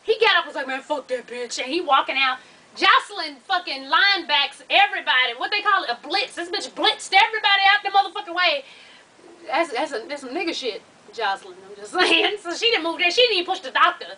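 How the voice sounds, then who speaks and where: A high-pitched woman with a bright, sharp tone gives a blunt, profane recap of a reality show, full of sassy asides. She talks to her viewers as "y'all" and "honey". Her voice sits a little back from the mic. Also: expressive, fast, far from the mic, poor audio. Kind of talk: casual chat.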